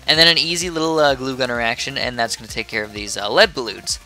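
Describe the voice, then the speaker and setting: Over faint music, a young gameplay commentator talks quickly in a medium-pitched, sharp voice. He's sleepy and yawning, rambling casually and wandering off into chatty tangents.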